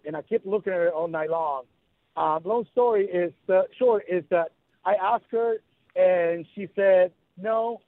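A man calling in to a radio show, telling his story in an earnest, halting way. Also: high-pitched, no room sound. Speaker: caller. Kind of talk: phone-in storytelling. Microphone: telephone. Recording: tinny phone line with faint music.

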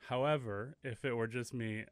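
A man's voice: medium pitch, fairly even intonation, normal speed, no room sound. A man being interviewed on sports radio as a team owner and coach, upbeat and promotional. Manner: upbeat, promotional, explains plainly.

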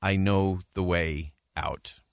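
Calm guiding brother, low dry voice, done by a male host. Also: takes it slowly, vocal fry, no echo, exaggerated voice. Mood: reassuring. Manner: calm, reassuring. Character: calm older brother who knows the way out.

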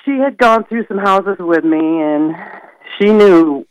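An older woman calling in to a radio show, chatting in a self-deprecating, animated way about her family. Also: fairly low pitch, slow pace, no room sound, poor audio. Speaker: caller. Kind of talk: casual radio chat.

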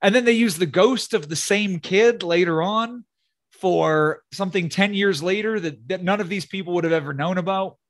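A man's voice: high-pitched, moderate pace. A man, a podcast guest, rambling casually about a movie and swearing freely.

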